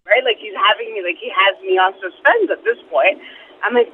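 Lady calling in over the phone, high pitched, kinda tinny, acts out the whole convo. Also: moderate pace. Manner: excited, acts out the dialogue. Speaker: caller. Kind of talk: telling a story on the phone. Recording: tinny phone line with faint hiss.

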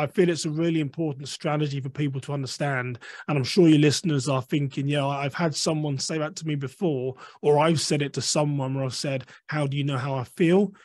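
A man with a fairly high voice speaks as a guest author in a dry, close recording. He explains his points in a measured way and slips into short acted-out examples of what people say. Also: a little mellow, dry recording. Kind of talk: conversational interview explanation.

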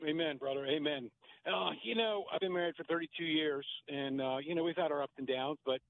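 A man's voice: a little high, fairly quick. A man calling into a radio show, earnest and quoting scripture as he talks. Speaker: caller. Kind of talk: phone-in talk. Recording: tinny phone line with faint noise.

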